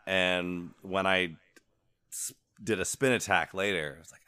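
A man with a low but bright, forceful voice jokes about a video game. He acts out little quotes of himself and the characters. The sound is dry and close. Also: normal speed, smooth, no room sound. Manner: animated, jokey, acts out quotes. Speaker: podcast co-host. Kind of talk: casual game discussion.

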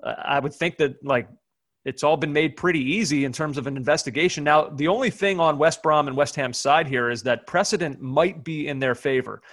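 A man co-hosting a casual sports podcast, recapping news with restarts and quick laughs. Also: on the high side, a bit bright, no room sound, studio quality. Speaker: podcast co-host.

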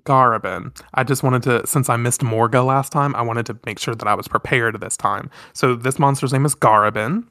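A man casually recapping a comic with a co-host, animated, often acting out the characters' lines. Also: mid-range voice, dry recording, studio quality. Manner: animated, acts out characters' lines in quick bursts. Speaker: podcast co-host.

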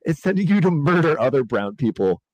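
A man's voice: a little high, sing-song, fairly quick, no echo. A man hosting a podcast, rambling casually with lots of fillers and swearing. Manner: rambling, profane, many fillers. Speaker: podcast host.

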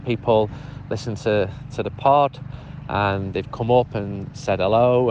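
A man's voice: fairly low pitch, a little mellow, slight background noise, low-quality recording. A man giving a casual spoken update to a podcast, telling his story in a chatty, easygoing way. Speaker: podcast contributor sending a voice update.

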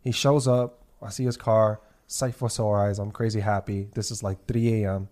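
A man's voice: lowish voice, normal speed. A man in casual podcast chat, telling a long story with lots of swearing and acted-out quotes. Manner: animated, profane, repeats himself in quoted dialogue.

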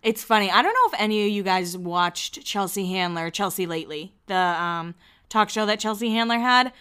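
A young woman hosting a podcast and recapping a reality show in casual chat, laughing often and slipping in quick quoted asides. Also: mid-range voice, animated, sharp tone, clean tone.

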